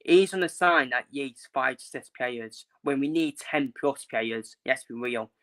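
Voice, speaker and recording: Here a young man rants on his football vlog, casually airing opinions with blunt frustration, swearing and repeating himself. The voice is medium in pitch, unhurried and fairly bright.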